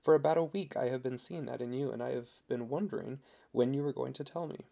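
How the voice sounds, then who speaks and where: A man voicing a devoted young husband, earnest and gently persuasive. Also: medium pitch, quick pace, creaky, close to an everyday voice. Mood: tender.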